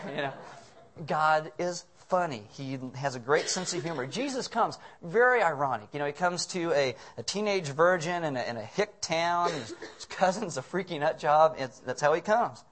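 A pastor delivers a sermon, telling humorous stories in an animated way and acting out the different voices. His voice sits on the high side and moves a little fast.

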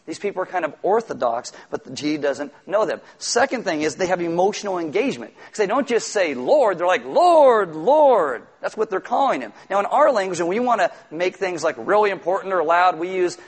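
A man preaching a sermon, animated, acting out quotes and at times shouting for emphasis. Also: high-pitched, fairly quick, hardly any pauses, slightly rough. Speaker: pastor.

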